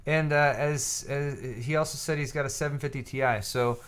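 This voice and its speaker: A man's voice: mid-range voice, steady tone, normal speed, fairly bright tone, clean tone. A young man co-hosting a live tech show, with a mid-range voice and a casual, joking tone. He talks loosely and gives build advice between bursts of teasing banter. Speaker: co-host of a hardware show.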